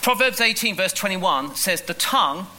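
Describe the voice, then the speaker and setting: A man preaching a sermon in an animated, emphatic way, rushing through asides and slowing down on key lines. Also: sits high, low-quality recording. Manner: animated, emphatic, shifts between quick asides and slow stressed lines. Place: school hall.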